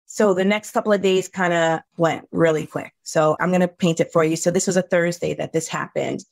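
Brief: middle-aged woman guest, lowish voice, earnest storytelling, dry recording. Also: steady tone, brisk, creaky, darkish tone, no echo. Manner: earnest, emotional retelling. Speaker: podcast guest. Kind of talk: personal storytelling.

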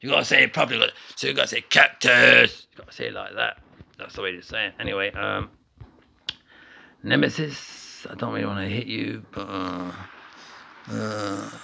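A man's voice: fairly low pitch, creaky, pushed and bright, slight background noise, poor audio. A man giving playful, rambling commentary while playing a mobile game, often wandering off on tangents.

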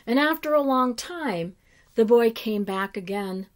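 Female children's story reader, unhurried, very lively melody, hushed moments. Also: on the high side. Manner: slow, expressive storytelling with drops to a hush. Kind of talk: reading a picture book aloud.

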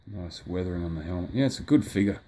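Talking fast and animatedly in a deep, mellow voice, a man reviews a collectible figure in an offhand, rambling way. He's filmed indoors by a sunny window, using fillers and occasionally cursing at the sunlight.

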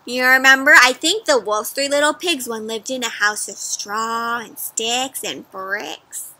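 A woman's voice: a little high, slow pace. A woman doing an interactive read-aloud for children, stopping often to ask them questions. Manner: asks children questions, animated. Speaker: storyteller.

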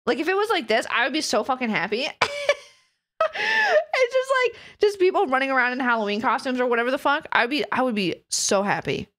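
A woman's voice: high voice, animated, quick pace, hardly any pauses, a bit bright. A young adult woman streamer in casual live chat, laughing often and swearing freely as she reacts to videos.

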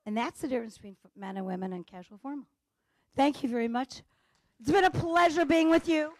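A woman's voice: sits high, fairly quick, gravelly, a little hiss or hum. A middle-aged woman lecturing at a conference, playful, acting out little dialogues with comic timing. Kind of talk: conference talk. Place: conference stage.

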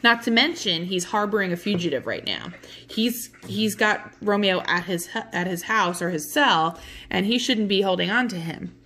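A woman's voice: medium pitch, expressive, moderate pace, fairly bright tone, slight background noise. A woman teaching a class, retelling a play in casual words and often checking in with "okay?". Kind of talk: explaining a play to students.

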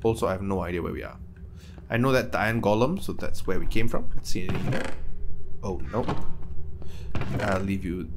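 A man's voice: deep voice, fairly quick, pauses often, background noise. A young man giving casual gameplay commentary, chatty and easily surprised, stammering as he talks to the characters on screen. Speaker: let's play gamer.

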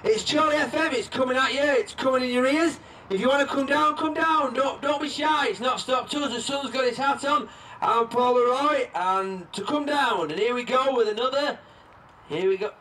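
A man's voice: extremely high pitch, normal speed, bright, forceful tone, distant mic, low-quality recording. An actor playing a cheesy male local radio DJ with chirpy, upbeat patter in a TV comedy.

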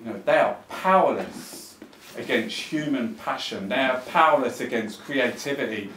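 A man's voice: mid-range voice, moderate pace, fairly bright tone. A man giving a rambling, impassioned talk to an audience at an arts venue, restarting his sentences and swearing. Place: arts club venue, talking to a live audience. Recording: roomy venue sound, mic at a distance.

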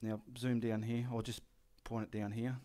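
A middle-aged Australian artist has a dark-toned, mid-range voice with a level tone and normal speed. He chats casually behind the scenes while painting and giving directions, swearing freely, joking and muttering instructions to himself.

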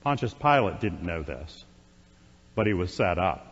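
A priest preaching a sermon, retelling a scripture story in a conversational way with wry asides to the congregation. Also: male voice, low voice, big pitch swings, a little slow, a bit bright, slightly rough. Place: church sanctuary. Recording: dull, reverberant church recording.

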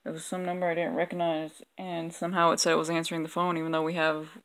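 Young woman with a gravelly voice and a sore throat. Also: sits low, monotone, quick pace, a bit bright, rough recording. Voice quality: lip-smacking. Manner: rambling, self-mocking, lots of ums. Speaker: vlogger reviewing her old drawings. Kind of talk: casual chat.

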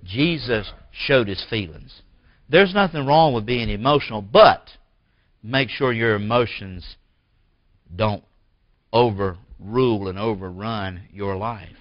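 Emphatic low-voiced preacher. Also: male voice, slow, no room sound, lo-fi sound. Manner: preaching with rising emphatic bursts and drops to near-whisper. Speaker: pastor. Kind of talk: sermon. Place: church.

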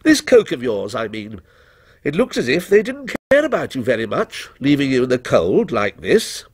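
A man playing a mysterious male stranger, scornful, needling, slow probing, husky, dry. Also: medium pitch, huge pitch swings, no room sound. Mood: insinuating.

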